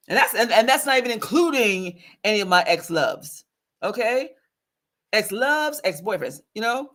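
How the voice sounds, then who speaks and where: A woman's voice: a little high, animated, normal speed, fairly bright tone. A woman spiritual teacher telling a story casually to her online audience, laughing often and stressing points with "okay?" asides.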